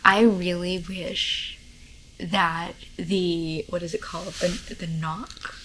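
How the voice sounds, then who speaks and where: Young woman, book vlogger, low-pitched and unhurried, chatty and excitable. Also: slight background noise, rough recording. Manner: excitable, rambling, many "like" fillers. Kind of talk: casual reading vlog to camera. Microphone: camera mic, talking to camera.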